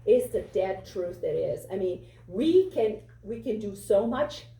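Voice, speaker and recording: A woman's voice: medium pitch, expressive, a little slow, vocal fry, mellow. A woman from Europe with a foreign accent, giving an impassioned, repetitive campaign speech at a fundraiser. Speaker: political candidate. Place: fundraiser venue. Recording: echoey room from far off.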